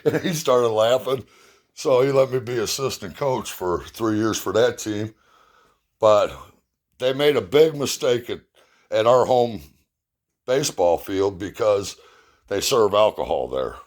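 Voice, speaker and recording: A middle-aged man casually telling a personal story in a blunt, plainspoken way, cursing freely. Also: fairly low pitch. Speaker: youth baseball parent and assistant coach.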